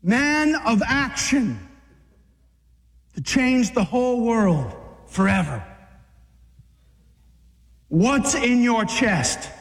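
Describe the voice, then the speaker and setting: A man preaching a fiery sermon to men, dramatic, acting out scenes and shouting at the peaks. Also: very high-pitched, animated, drawn-out words, pauses often, long reverb tail.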